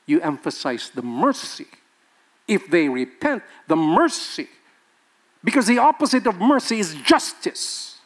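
Man, pastor, sermon, slow deliberate delivery, emphatic rhetorical questions. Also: sits high, very animated. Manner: jokes and laughs with the congregation.

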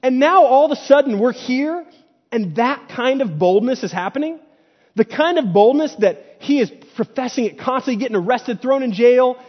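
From a church stage, a high-voiced male preacher delivers an expressive, conversational sermon at a moderate pace, drifting into paraphrased dialogue. The audio is dull and lo-fi, with a long hall reverb.

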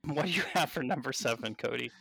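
A man hosting a casual podcast chat, enthusiastic and quick to laugh. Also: medium pitch, creaky, sharp tone, husky, dry recording, low-quality recording. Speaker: podcast host.

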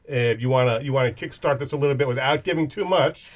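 A man's voice: medium pitch, fast talker. A man co-hosting a podcast, telling a story in a playful, joking way. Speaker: podcast co-host. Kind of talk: casual chat.

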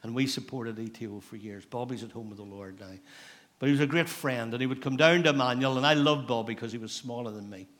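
A man's voice: mid-range voice, quick pace, fairly bright tone. A middle-aged man with a Northern Irish accent, a pastor preaching a sermon in a church in a conversational storytelling manner, repeating phrases for emphasis.

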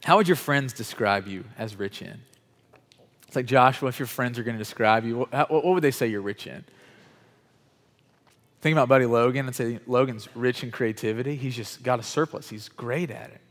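A man giving a sermon in a conversational way, calling on people in the room by name and building louder on key points. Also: mid-range voice, moderate pace. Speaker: pastor. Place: church hall with chairs. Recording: reverberant hall, at times off mic.

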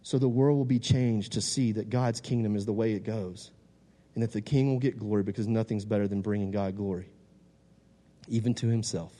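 A young man preaching a sermon. He moves from loud exhortation to quiet, casual storytelling. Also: on the low side, fairly even intonation, a little fast. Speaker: youth preacher. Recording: long hall reverb.

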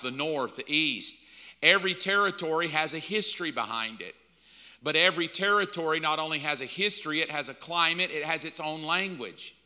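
A man's voice: medium pitch, pushed and bright. A man preaching a sermon as pastor in a conversational style, acting out bits of dialogue. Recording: long hall reverb.

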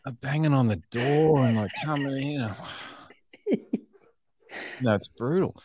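A man's voice: medium pitch, measured pace, a little mellow, slightly rough, no room sound. A man in his thirties, a podcast guest, telling frank, self-deprecating stories in casual talk and often restarting his phrases. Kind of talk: candid conversational storytelling.

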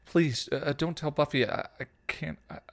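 A man's voice: fairly high pitch, normal speed, voice pushed up, close to an everyday voice. A man reading a story aloud, voicing a tearful teenage girl who pleads and stammers. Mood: tearful pleading.

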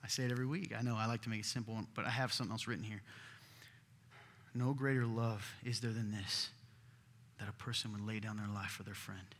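A man preaching a sermon as pastor, earnest and emphatic, sometimes dropping to a hush. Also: fairly low pitch, steady tone, fast talker, slight background noise. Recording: hall reverb.

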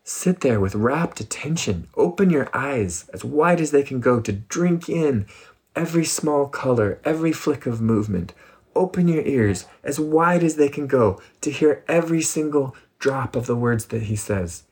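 A man giving a casual spiritual talk in an animated, playful way, often laughing. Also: mid-range voice, normal speed, slightly rough. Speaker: spiritual speaker.

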